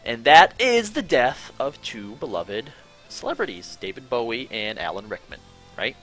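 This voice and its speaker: With faint music in the background, a medium-pitched man at a moderate pace hosts a casual podcast chat on a call. He tells stories animatedly, swearing and restarting often as he rambles.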